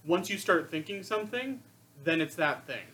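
Man, high voice, casual film chat, thoughtful, hedges. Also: expressive, normal speed, sharp tone. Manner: thoughtful, hedging, builds arguments.

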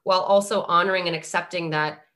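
A woman's voice: lowish voice, fast. A woman on a podcast musing about family and boundaries, with many "like"s and fillers. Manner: musing, heavy use of "like", animated when quoting. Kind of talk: reflective podcast conversation.

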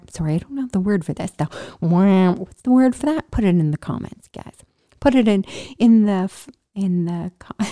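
A woman telling a personal story to her viewers in a casual, animated way, acting out sound effects and restarting her sentences often. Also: mid-range voice.

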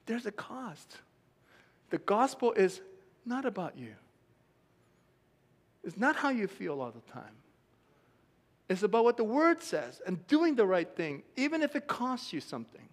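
A man preaching a sermon as a pastor, emphatic and rising to loud shouts. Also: high voice, sing-song, measured pace, long pauses. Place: church sanctuary. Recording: long hall reverb.

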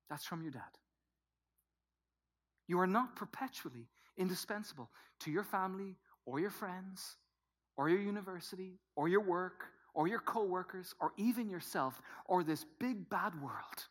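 A man preaching a sermon to a congregation, swinging from hushed whispers to loud emphatic bursts. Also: high voice, lively intonation, normal speed. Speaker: pastor.

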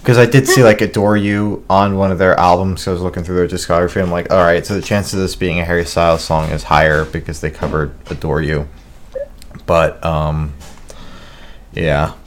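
Young male podcast host, very low voice, crude self-mocking banter, faint room noise. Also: level tone, a little fast. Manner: joking, self-mocking, swears freely. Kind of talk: casual chat on a live-streamed podcast.

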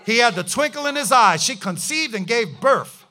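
Brief: high-pitched male pastor, fiery preaching, lots of rhetorical questions. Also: expressive, moderate pace, sharp tone. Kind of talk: sermon.

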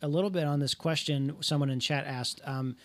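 A man hosting a casual conversation, supportive and halting, restarting his sentences. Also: fairly high pitch, fairly even intonation, no echo. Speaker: host.

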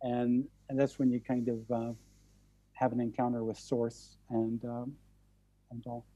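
A man from the central United States, a guest telling stories in conversation, halting and often repeating his words. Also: mid-range voice, monotone, mellow. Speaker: guest speaker. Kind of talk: storytelling in conversation.

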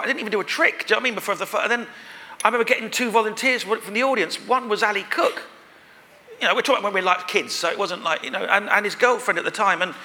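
A man with a high, sharply bright voice tells a rambling, self-deprecating story as a guest at a live podcast recording. His voice carries the long reverb of the venue. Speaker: guest performer. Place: stage at a live show.

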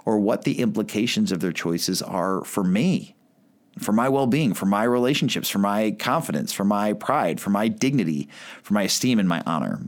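A pastor giving a sermon in a relaxed, conversational way, often saying "like" and restarting his phrases. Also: fairly low pitch, normal speed. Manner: conversational preaching with frequent "like" and restarts.

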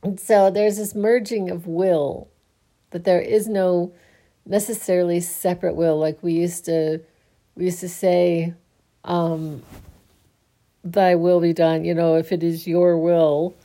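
A sleepy, yawning woman musing on faith in a halting, casual way, often restarting her sentences. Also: fairly low pitch, level tone. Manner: slow, halting, restarts often, soft laughs.

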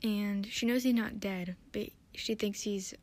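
A woman's voice: mid-range voice, fairly even intonation, unhurried, a little mellow. A tired woman hosting a podcast, recapping an episode in a rambling, hesitant, self-deprecating way. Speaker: podcast host.

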